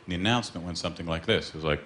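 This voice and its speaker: A man doing a stand-up routine on a club stage, telling stories with a deadpan delivery and quick punchlines. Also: deep voice. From Canada. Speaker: stand-up comedian. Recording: noisy live comedy club.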